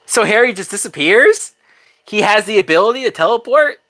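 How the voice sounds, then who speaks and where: A woman's voice: mid-range voice, animated, a little fast, a bit bright. A woman hosting a live movie watch-along, talking bluntly with frequent swearing and laughter. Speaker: movie reaction host.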